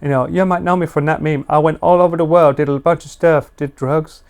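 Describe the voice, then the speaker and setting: A man's voice: fairly high pitch, steady tone, a little fast, a little mellow, smooth. Laid-back British man streaming live. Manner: chatty, laid-back, slangy. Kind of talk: casual live-stream chat.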